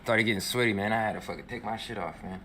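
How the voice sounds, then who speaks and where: A man with a low, very bright voice chats freely on a gaming stream. His talk is slangy and full of swearing, and he laughs at himself. Faint noise sits under the voice. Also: fast. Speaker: gamer on a stream chat. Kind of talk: casual chat.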